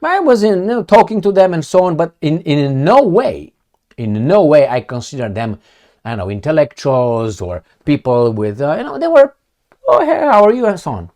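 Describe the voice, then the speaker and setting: A man's voice: on the high side, huge pitch swings, normal speed, dark tone. A man giving blunt, sarcastic political commentary with some swearing, talking straight to the viewer. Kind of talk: opinionated commentary monologue.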